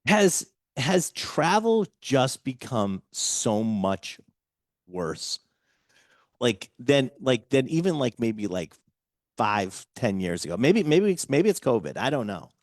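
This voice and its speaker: A man's voice: mid-range voice, very animated, takes it slowly, no echo, studio quality. A man hosting a casual radio talk show, chatting loosely and restarting his sentences often. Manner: chatty, rambling with many restarts.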